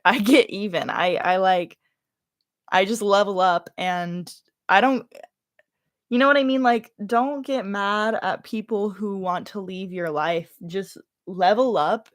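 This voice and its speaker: A young woman chatting casually on a livestream as she gets ready, rambling and breaking off mid-thought. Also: medium pitch. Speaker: content creator livestreaming while getting ready.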